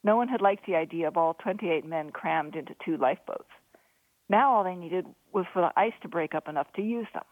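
Female author-narrator, steady storytelling, thin phone-like dry sound. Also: fairly low pitch, fairly quick, no room sound. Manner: steady storytelling, lively voices for dialogue. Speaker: author reading her own novel. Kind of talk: audiobook narration.

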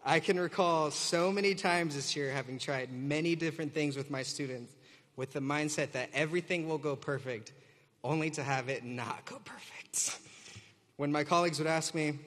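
A man's voice: a little high, moderate pace. A young man, a graduating student teacher, gives a joking and earnest commencement speech at a podium microphone. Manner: joking, warm and earnest, leads audience cheer. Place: large hall. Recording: reverberant auditorium.

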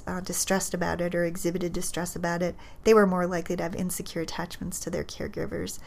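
A woman who is a child psychologist, explaining research findings in a thoughtful, measured way, with fillers and restarts. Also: lowish voice, little pitch movement, gravelly.

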